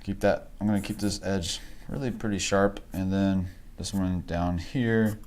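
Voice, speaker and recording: A man livestreaming a portrait drawing, thinking aloud in a relaxed, rambling way, chatting with viewers and laughing often. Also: deep voice, a little slow. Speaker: art instructor livestreaming a drawing. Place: home art studio.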